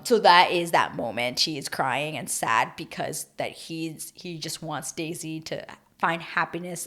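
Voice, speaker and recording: A woman's voice: low-pitched, fairly bright tone. A young woman recapping a reality dating show to her viewers in a chatty, gushing way, full of fillers and emotional asides. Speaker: recap vlogger.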